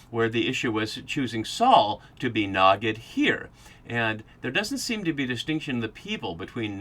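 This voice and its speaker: A man's voice: lowish voice, pushed and bright. A man hosting a podcast, giving a Bible study lecture that explains passages and thinks aloud as he goes. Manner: thinking aloud with fillers and restarts.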